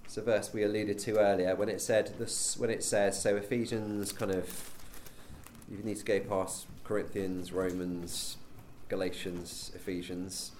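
A man's voice: sits low, level tone, unhurried, a little mellow, slight background noise. A man leading a teaching session as a preacher, conversational, with frequent ums and rhetorical questions.

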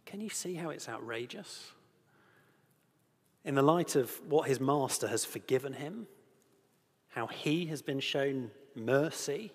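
This preacher's voice is a little high and husky, ringing through the long reverb of a large church hall. He reads from scripture earnestly, leans on rhetorical questions, and gets animated in places.

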